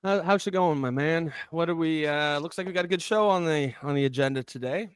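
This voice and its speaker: A man's voice: on the high side, a little fast, clear, resonant tone, no echo. A man from Newfoundland and Nova Scotia co-hosting a political talk show, rambling and restarting his sentences. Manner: rambling, stop-start, repeats words. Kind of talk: casual live show banter.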